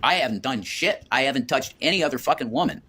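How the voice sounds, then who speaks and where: A man's voice: medium pitch, animated, fast, bright, forceful tone, breathy edge. A man telling a heated personal story, swearing often and repeating himself. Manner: profane, agitated, repeating himself. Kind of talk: emotional storytelling on a stream.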